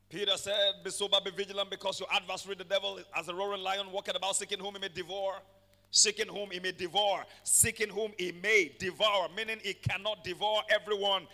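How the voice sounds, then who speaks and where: A man preaching a sermon, swinging from quiet passages to shouted declarations and calling for amens. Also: high-pitched, lively intonation, unhurried, pauses often, long reverb tail. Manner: calls for amens from the congregation. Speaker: pastor.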